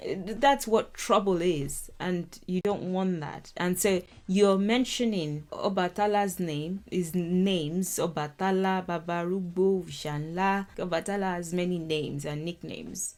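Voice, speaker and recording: A woman teaching a language lesson who explains song lyrics word by word, laughing often and speaking in a lively, informal way. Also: lowish voice, a little slow, few pauses.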